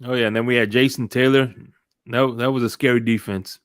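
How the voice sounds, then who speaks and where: A man's voice: mid-range voice, steady tone, a little fast, fairly bright tone, dry recording, clean studio sound. Rambling man hosting a sports podcast. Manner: rambling, greets live chat viewers, tells stories with quoted voices. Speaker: podcast host. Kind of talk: casual sports podcast chat.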